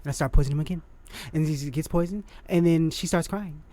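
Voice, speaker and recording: A woman's voice: sits low, fast, mellow, no echo. A woman co-hosting a podcast, telling a story in a casual chat, acting out scenes and laughing often. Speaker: podcast co-host.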